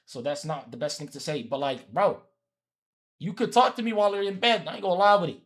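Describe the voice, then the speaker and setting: A fairly high-pitched man with a husky edge to his voice, chatting loosely on a livestream. He is from Africa and keeps teasing and repeating lines as he answers his chat. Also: fairly quick. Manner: repetitive, teasing, talks back to chat. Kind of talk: casual stream chat.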